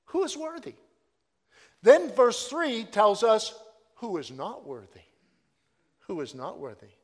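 A man preaching a sermon, swinging between loud proclaiming and hushed, drawn-out asides. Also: high voice, big pitch swings, husky, big-room sound.

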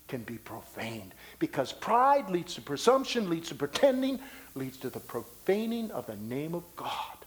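A man preaching a sermon as pastor of his church. He delivers loud declarations and drops into hushed asides. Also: on the high side, wildly swooping pitch, moderate pace.

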